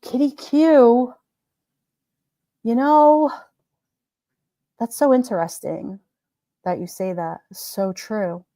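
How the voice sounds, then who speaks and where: A woman hosting a casual livestream, reading viewer comments aloud and chatting about them in an animated way, laughing often. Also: on the high side, takes it slowly, pauses often, dry recording. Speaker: livestream host.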